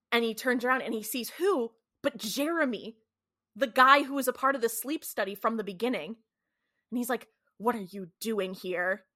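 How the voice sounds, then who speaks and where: Bright-voiced woman recapping casually. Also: fairly high pitch. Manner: chatty, peppered with "like", swears freely. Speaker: podcast co-host.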